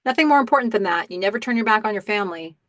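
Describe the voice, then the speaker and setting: A woman voicing a middle-aged mother who consoles her daughter in a soft but firm way. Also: mid-range voice, lively intonation, rapid-fire, voice pushed up, lightly acted. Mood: consoling.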